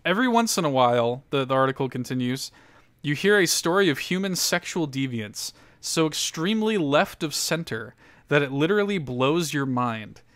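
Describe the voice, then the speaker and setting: Laughing, animated male podcast host. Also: on the high side, normal speed, dry recording. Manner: animated, laughs often, loose profane storytelling. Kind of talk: casual podcast chat, reading an article aloud.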